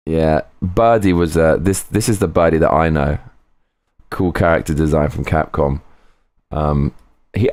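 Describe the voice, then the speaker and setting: Man, live streamer, casual rambling chat, swears often, lowish voice, dry sound. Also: darkish tone, no room sound. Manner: rambling, swearing, breaks into sung snatches.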